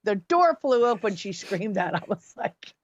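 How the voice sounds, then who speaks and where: A middle-aged woman from near Philadelphia, a singer telling gig stories as a podcast guest, animated and chatty with many restarts. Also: mid-range voice, normal speed, muffled recording. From near Philadelphia, USA. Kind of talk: casual storytelling.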